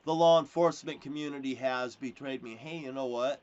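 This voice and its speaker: A man's voice: medium pitch, brisk, darkish tone. A man delivering a rambling, aggrieved monologue as a self-proclaimed prophet, swearing constantly and jumping between topics. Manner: aggrieved and insistent. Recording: dull lo-fi recording with faint hiss.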